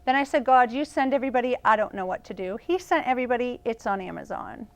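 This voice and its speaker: A woman's voice: a little high, animated, fast talker. A woman with a Boston accent, a guest on a talk show, telling her story earnestly and emphatically. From Boston, Massachusetts. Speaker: guest, evangelist. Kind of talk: casual interview chat.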